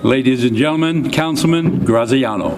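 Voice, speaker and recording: A man's voice: mid-range voice, normal speed, background noise. A man making formal announcements at a town swearing-in ceremony. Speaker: meeting announcer.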